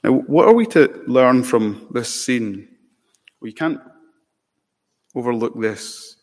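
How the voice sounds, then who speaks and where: A male preacher delivers an impassioned sermon, his medium-pitched voice lifting to emphatic peaks and dropping into slow, solemn passages. Long reverb from the church hall trails after each phrase. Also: lively intonation, darkish tone. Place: church sanctuary.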